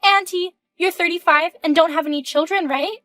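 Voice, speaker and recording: Woman voicing a condescending young mistress, high and dry, taunting. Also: moderate pace, bright, forceful tone, dry recording. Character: smug young woman student, the husband's mistress. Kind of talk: reading a text-message story.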